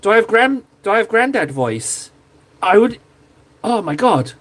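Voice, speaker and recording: A man from southwest England with a southern English accent, hosting a live stream and chatting casually, excitable and quick to interrupt himself. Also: sits high. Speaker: live-stream host painting miniatures.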